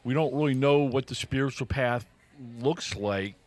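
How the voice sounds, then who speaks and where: A man's voice: mid-range voice, normal speed, a little mellow. A man co-hosting a casual podcast chat, thinking aloud in a reflective way with frequent restarts. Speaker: podcast co-host.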